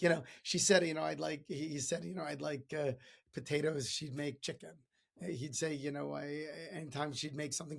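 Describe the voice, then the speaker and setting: A man with a somewhat high voice, vocal fry, and a breathy edge hosts a podcast. He gives a chatty motivational talk packed with stories and asides, full of fillers and restarts.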